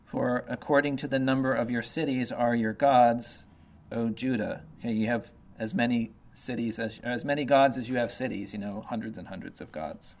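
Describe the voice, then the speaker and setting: Man, mid-pitched voice, casual Bible study teaching, slow verse reading, lots of fillers. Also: fairly even intonation. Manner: reads verses slowly, then explains casually with many fillers. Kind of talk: informal Bible study talk.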